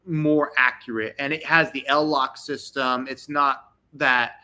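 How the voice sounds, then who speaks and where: A man's voice: medium pitch, steady tone, takes it slowly, few pauses, bright, forceful tone. A man talking enthusiastically and at length as a guest on a livestream video call. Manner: enthusiastic, rambling. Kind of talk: casual livestream chat.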